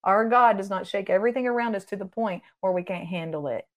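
Impassioned woman preaching in an interview. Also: mid-range voice. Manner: impassioned, shifts between urgent and slow hushed delivery; calls out to the listener. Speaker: guest minister.

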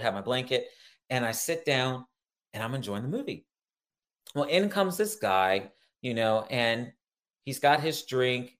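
A man, a pastor and interview guest, telling a personal story in an excitable way, often laughing and repeating himself. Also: medium pitch.

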